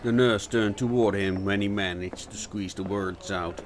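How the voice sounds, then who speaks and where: A man narrating an audiobook in a measured storytelling delivery. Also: fairly low pitch, steady tone, a little hiss or hum. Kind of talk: scripted narration.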